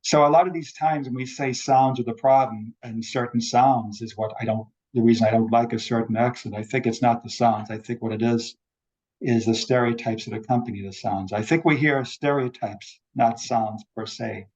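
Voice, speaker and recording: A man giving an academic talk over a video call, measured and explanatory. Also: medium pitch, steady tone, darkish tone, highs cut off. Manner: measured lecturing, quotes examples. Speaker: academic speaker. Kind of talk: online forum talk.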